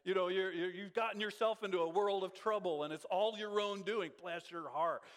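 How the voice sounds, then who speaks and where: A man preaching an informal sermon as pastor of a Bible class, animated, laughing, and acting out quotes. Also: high-pitched, a little fast. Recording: long hall reverb.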